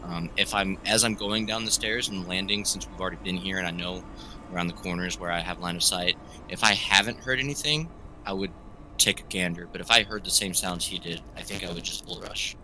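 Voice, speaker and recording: A man's voice: sits low, brisk, background noise. A man playing a tabletop role-playing game, casually explaining his reasoning at length. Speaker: player.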